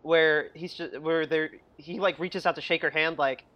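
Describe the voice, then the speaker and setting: A co-host chatting about a film in a rambling, giggly way, acting out scenes in quick quoted voices. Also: mid-range voice, fairly even intonation, highs cut off. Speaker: movie review podcast co-host. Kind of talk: casual chat.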